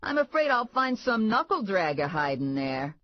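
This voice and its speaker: A woman voicing a brash, swaggering male police officer who talks loud and teasing in an audiobook. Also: medium pitch, sing-song, normal speed, no echo, muffled recording, pitched above the performer's own voice, natural voice.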